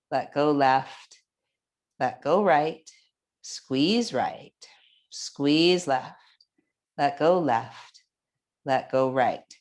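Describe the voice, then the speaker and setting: A woman leading a yoga class, giving calm, unhurried cues for each movement. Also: low voice. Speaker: yoga instructor. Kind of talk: guided exercise instruction.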